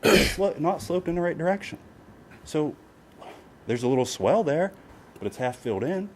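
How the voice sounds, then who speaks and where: A man's voice: a little high, lively intonation, moderate pace, very noisy. A man speaking as a property owner at a county planning meeting, emotional and pleading, repeating himself with many filler phrases. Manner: emotional, pleading, repetitive with many "you know"s. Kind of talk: public comment at a county meeting.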